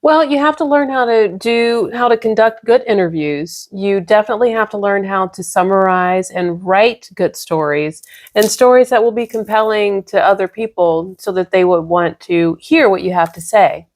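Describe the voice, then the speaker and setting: A woman's voice: medium pitch, normal speed, hardly any pauses. A woman who works as a news reporter, explaining her job to a child in an upbeat, playful, emphatic way.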